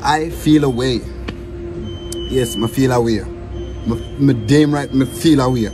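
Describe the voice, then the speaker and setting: Complaining man over loud music. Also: medium pitch, measured pace. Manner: emphatic, complaining. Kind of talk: comic confession clip.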